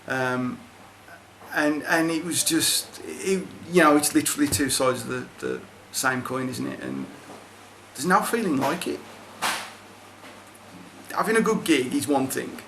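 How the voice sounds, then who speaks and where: A man's voice: mid-range voice, animated, a little slow, fairly bright tone, slight background noise, poor audio. A male comedian speaking reflectively and hesitantly in an interview.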